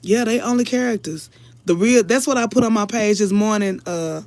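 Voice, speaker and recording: Woman commentator, casual live chat, earnest and preachy, emotional, middle pitch, dry close sound. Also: normal speed, darkish tone, no room sound. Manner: earnest, preachy, keeps addressing the audience as y'all. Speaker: online commentator.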